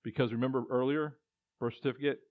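A male pastor delivers a sermon in a casual, conversational way, stumbling and restarting as he goes and slipping into voices for quoted lines. His voice sits mid-range in pitch. The recording is dry and slightly dull, with little room sound. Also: fairly even intonation, fast talker, no echo. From Texas. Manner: conversational preaching with many restarts and acted-out quotes.

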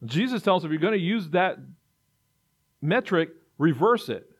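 A man's voice: sits high, lively intonation, normal speed, husky. A man preaching a sermon in an earnest way, building to emphatic repetition. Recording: dull lo-fi recording.

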